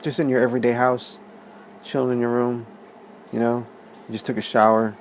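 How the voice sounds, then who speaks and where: A man's voice: medium pitch, brisk, a little hiss or hum. Profane casual storyteller man. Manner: profane, animated, laughs often. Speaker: vlog host.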